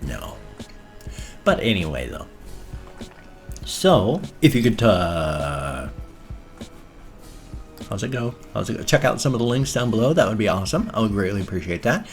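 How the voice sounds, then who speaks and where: A man in his fifties with an American accent, chatting casually in a vlog, playful with deadpan jokes. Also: on the low side, normal speed, long pauses. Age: 50s. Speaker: vlogger. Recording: faint music behind.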